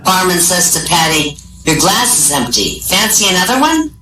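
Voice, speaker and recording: Animated woman comic in an echoey room. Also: moderate pace. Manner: jumps up in pitch for quoted characters. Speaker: stand-up comic. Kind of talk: telling Irish pub jokes. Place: small comedy venue. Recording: echoey room from far off, faint music.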